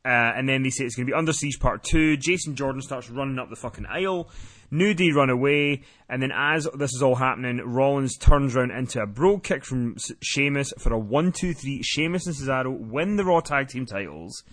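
A man with a mid-pitched, everyday voice hosts a wrestling podcast. He recaps events quickly and loosely, with plenty of "um"s and offhand swearing, and keeps the tone conversational. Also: a bit bright. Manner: quick, rambling recap with fillers and casual swearing. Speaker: podcast host.

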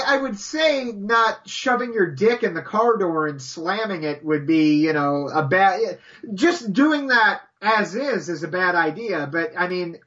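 High-pitched bright ranting man, lo-fi. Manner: exasperated, profane ranting. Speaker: wrestling podcast co-host. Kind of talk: casual chat.

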